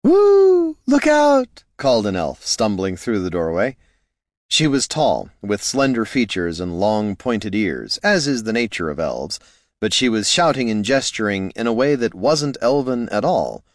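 A man narrating a fantasy audiobook in a wry, expressive storytelling manner. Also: on the low side, normal speed, no echo, studio quality.

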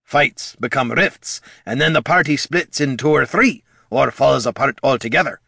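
A man's voice: medium pitch, normal speed, vocal fry, sharp tone, slightly rough, no echo, clean studio sound, voice pushed up, heavily acted. A man voicing a blunt, folksy veteran adventurer who worries about his party. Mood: earnest.

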